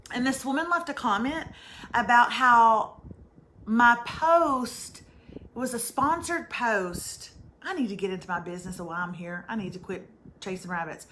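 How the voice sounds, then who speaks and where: Bright, lively woman streaming. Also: fairly high pitch, a little hiss or hum. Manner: chatty, teasing, exclaims to viewers. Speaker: livestream host. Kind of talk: casual livestream chat. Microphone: mic in front of her.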